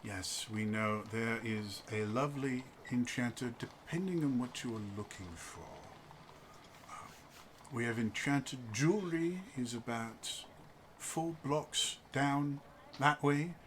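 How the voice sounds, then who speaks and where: A game master voicing a reserved, formal noble husband who gives slow, careful directions. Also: medium pitch, slight background noise, lightly acted.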